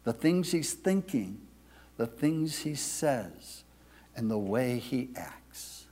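A male pastor preaching a sermon in a dramatic way, swinging between loud declaiming and hushed near-whispers and stretching out words for emphasis. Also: mid-range voice, very animated, slow pace.

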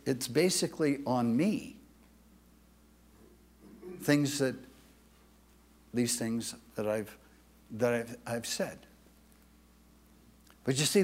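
Husky guy preaching slow, pitch swinging all over, emphatic then hushed. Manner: slow, emphatic preaching, dropping to soft confession. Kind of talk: sermon.

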